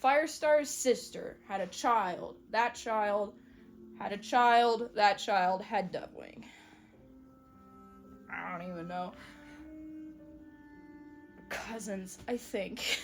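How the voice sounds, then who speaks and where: A woman's voice: mid-range voice, expressive, very slow, pauses often, faint music behind. A young adult woman chatting casually, giggly and slangy as she retells a story. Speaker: podcast co-host. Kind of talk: casual chat.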